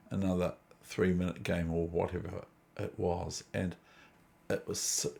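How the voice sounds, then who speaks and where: A man's voice: low voice, creaky, darkish tone. A man hosting a chess channel, talking in a chatty, digressive, self-deprecating way. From New Zealand. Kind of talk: casual rambling commentary.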